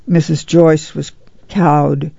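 An audiobook reader narrating a novel in a plain, measured storytelling voice. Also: medium pitch, flat delivery, creaky, dark tone, no echo, muffled recording.

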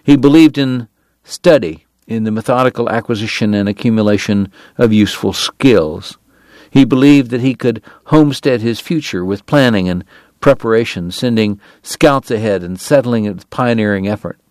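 A man reading a novel aloud in measured, deliberate narration. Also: on the low side, darkish tone, dry recording. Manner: measured, deliberate, pausing on lists. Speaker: audiobook narrator.

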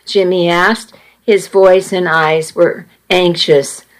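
A woman narrating a first-person story in an audiobook, measured and earnest. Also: lowish voice, steady tone, poor audio.

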